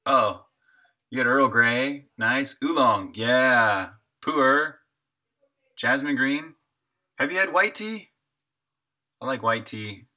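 A man's voice: mid-range voice, lively intonation, slow, pauses often, pushed and bright. A young man who makes indie games, chatting casually with his viewers while he works. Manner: chatty, answers chat questions while working. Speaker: indie game developer and streamer. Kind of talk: casual live-stream chat with viewers.

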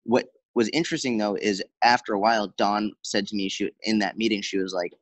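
A man's voice: fairly low pitch, dry recording, poor audio. A man, a fitness coach, talking casually in an interview, telling stories with quoted dialogue and lots of fillers. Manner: fast, animated storyteller with many fillers and quoted dialogue. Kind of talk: conversational interview.

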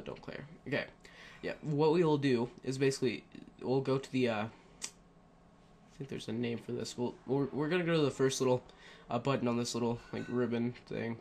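Speaking into a headset with a medium-pitched, slightly mellow voice, a man casually narrates a screen-recorded computer tutorial. He rambles, using lots of fillers and correcting himself often, with slight background noise.

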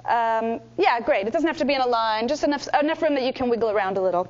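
A woman acting teacher guiding a workshop in a measured way, with frequent ums. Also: fairly high pitch, highs cut off. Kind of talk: workshop instruction.

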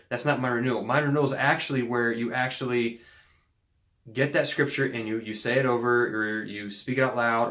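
A man's voice: medium pitch, a bit bright, roomy sound. A man giving an earnest, casual teaching talk on faith, rambling a bit with fillers and restarts. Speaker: Christian video host.

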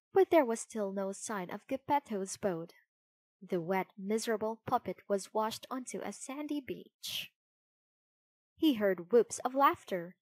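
A woman narrating a children's storybook in an expressive, unhurried way. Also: mid-range voice, no room sound.

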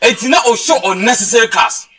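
A man with a Ghanaian accent, a co-panelist in a studio sports discussion who mixes Twi and English in a lively way. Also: extremely high pitch, a little fast. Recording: distant off-mic radio sound.

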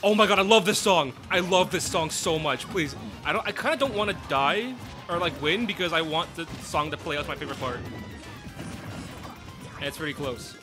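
A man giving excitable, chatty let's play commentary, breaking into sudden outbursts and restarting his sentences. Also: on the high side, normal speed. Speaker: gaming YouTuber. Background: game music.

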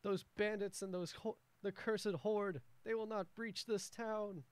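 A man's voice: high voice, level tone, unhurried, clear, resonant tone, dry recording, voice pushed up. A man voicing a stout, pompous male dwarf mayor giving a boastful public speech.

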